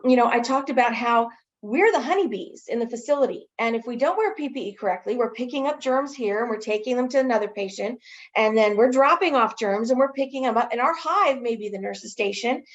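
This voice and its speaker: A woman who trains others in infection prevention answers a webinar question as an enthusiastic, animated storyteller. Her voice sits on the high side, and the recording sounds muffled.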